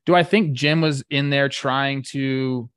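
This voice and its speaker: A man's voice: mid-range voice, unhurried, fairly bright tone, clean tone, no room sound, studio quality. A man cohosting a sports talk show, laid-back and filled with 'like' and 'dude'.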